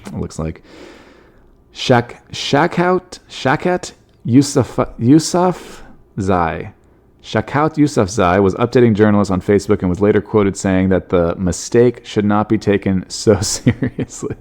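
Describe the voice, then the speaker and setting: A man's voice: sits low, darkish tone. A man hosting a comedy podcast, reading odd news stories with wry joking asides. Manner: wry, joking asides, laughs at his own bits. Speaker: podcast host.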